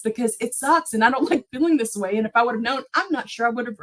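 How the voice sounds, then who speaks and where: A middle-aged woman on a casual book podcast, with a mid-range voice. She tells lively stories, acting out what she and her friends said. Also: a little high, fast talker, low-quality recording. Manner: animated storyteller, acts out quoted dialogue. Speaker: podcast co-host.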